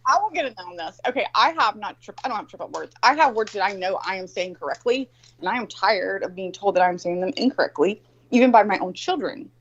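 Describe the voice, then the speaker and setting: A middle-aged woman telling a story in a casual group chat, animated and insistent. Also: mid-range voice, fast. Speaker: panelist. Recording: dull lo-fi call audio.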